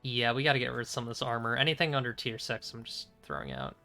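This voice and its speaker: Young male streamer, bright tone, loose casual chat, halting and chuckly. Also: mid-range voice, big pitch swings, vocal fry, faint music behind. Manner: rambling, hesitant, lots of fillers and restarts, chuckling. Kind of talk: casual chat while playing a game.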